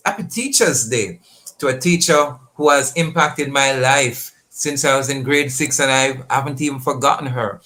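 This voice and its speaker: A man with a Jamaican accent hosting a radio talk show, upbeat and lively, dropping in patois phrases. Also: medium pitch. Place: radio studio.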